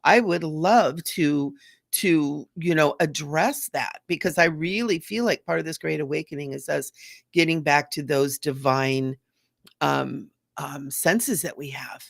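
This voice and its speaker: Middle-aged woman chatting on a live stream, earnest, lots of restarts, bit of fry, dry close sound. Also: low-pitched, a little slow, no echo. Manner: greets viewers in chat. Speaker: psychic medium hosting a live stream. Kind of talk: casual live-stream talk.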